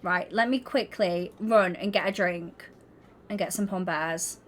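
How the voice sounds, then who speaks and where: A young woman chats casually with her viewers during a gaming livestream, giggling as she goes. Her voice is fairly low and her pace measured, with a slight hiss or hum on the recording.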